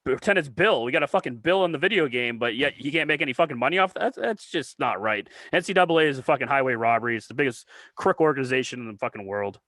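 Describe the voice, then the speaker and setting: A man's voice: medium pitch, lively intonation, fast talker, hardly any pauses, a bit bright, dry recording. A man co-hosting a sports podcast, talking indignantly and profanely. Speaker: podcast co-host. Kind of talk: casual sports chat.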